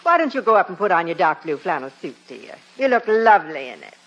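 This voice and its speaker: A woman's voice: lowish voice, big pitch swings, fast talker, a bit bright, full character voice. A woman playing a sweet, fussing wife who coaxes and dodges in a 1940s radio comedy, on a muffled old recording. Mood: coaxing.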